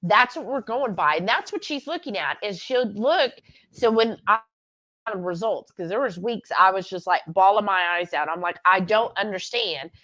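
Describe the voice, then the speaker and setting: A woman's voice: medium pitch, animated, normal speed, fairly bright tone. Candid chatty woman. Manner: rambling, candid, self-correcting. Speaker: livestream co-host. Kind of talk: casual chat.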